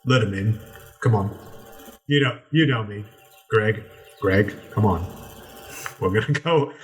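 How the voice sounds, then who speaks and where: A man voicing a fussy, chummy gatekeeper in a tabletop role-play game, talking in a wheedling, hurried way. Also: lowish voice, natural voice. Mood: pleading.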